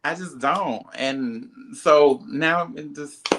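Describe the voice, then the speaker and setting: A man's voice: takes it slowly, background noise. A man, a reality TV cast member, telling a candid story in an interview, with many "like" and "you know" fillers. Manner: animated, acts out quoted dialogue in a higher voice.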